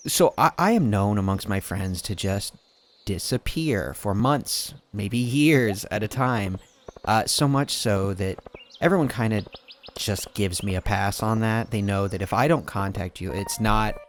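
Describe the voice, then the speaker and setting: A man's voice: lowish voice, measured pace, a little hiss or hum. A man hosting a casual gameplay video, rambling as he talks and laughing often. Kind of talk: casual let's-play commentary.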